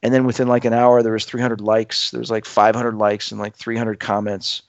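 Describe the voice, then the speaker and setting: A man's voice: fairly low pitch, fairly quick, no echo, lo-fi sound. A man telling a dramatic personal story to listeners, acting out the quoted voices as he goes. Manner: acts out quoted voices, lively and emphatic.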